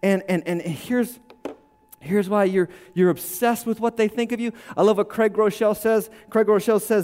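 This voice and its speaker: A man preaching a sermon with drama, acting out quick voices and swinging between shouting and hushed lines. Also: high-pitched, steady tone. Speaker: pastor.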